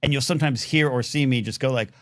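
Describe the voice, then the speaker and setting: A man hosting a live call-in talk show in a casual chat, animated, often jumping up into playful high tones with many restarts. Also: fast, no echo, clean studio sound.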